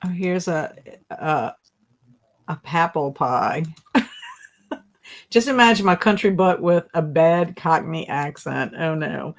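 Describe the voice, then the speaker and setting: A woman's voice: low-pitched, animated, slow pace, long pauses. A woman hosting a casual book livestream, reading viewer comments aloud and laughing often. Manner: giggly, chatty, laughs often at viewer jokes. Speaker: booktube livestream host.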